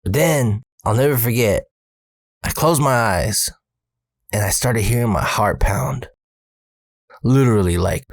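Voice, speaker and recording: A man's voice: medium pitch, lively intonation, a little slow, long pauses, no echo, clean studio sound. A man casually telling a personal story, slangy and profane.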